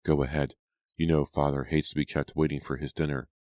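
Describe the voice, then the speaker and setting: Male reader doing a sharp, suspicious young woman; stern and very low-voiced, dry read. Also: flat delivery, brisk, no room sound. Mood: subdued. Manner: stern, accusing. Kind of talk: audiobook character reading.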